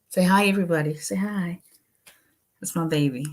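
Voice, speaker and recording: Woman, Nigerian accent, deep voice, casual livestream talk, tired, friendly chatter. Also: moderate pace, a little mellow. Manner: chatty, laughing, greets viewers by name. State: tired after a long day. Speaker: immigration attorney hosting a livestream.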